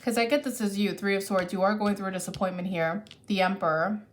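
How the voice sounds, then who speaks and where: A woman's voice: medium pitch, steady tone, fast. A woman giving a casual tarot reading who thinks aloud and corrects herself as she goes, caffeinated. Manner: chatty, thinks aloud, restarts and self-corrects. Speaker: tarot reader.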